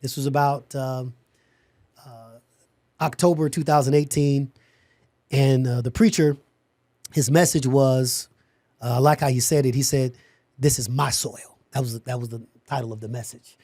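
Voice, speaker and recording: A man, a guest on a podcast, tells his own story in an animated, emphatic way, often repeating words and restarting sentences. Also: medium pitch, moderate pace, long pauses, dry recording. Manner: animated, emphatic, laughs as he talks. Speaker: podcast guest, security company owner. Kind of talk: personal storytelling in a conversation.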